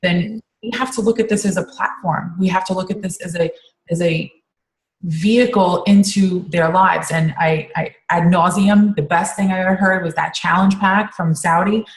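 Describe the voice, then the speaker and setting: Casting: woman team coach, low-ish voice, loose rambling talk, echoey room sound. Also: fairly even intonation, normal speed. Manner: rambling, many fillers and restarts. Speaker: team coach on a group call. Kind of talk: casual team call chat.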